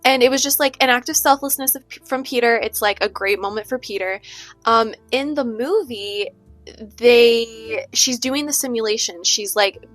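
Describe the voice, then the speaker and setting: Chatty woman vlogger, higher voice, rambling with lots of fillers, faint music underneath. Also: normal speed, fairly bright tone, no echo. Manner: chatty, many fillers and rhetorical "okay?". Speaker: book vlogger. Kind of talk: casual chat.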